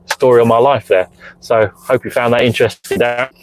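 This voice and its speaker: Speaking at a medium pitch in a steady tone and a little fast, a middle-aged man rambles through viewers' messages on a casual live stream, the sort of chat done while driving. He sits in his car in a lay-by, recorded on a hands-free mounted phone, and the rough recording carries a little hiss or hum.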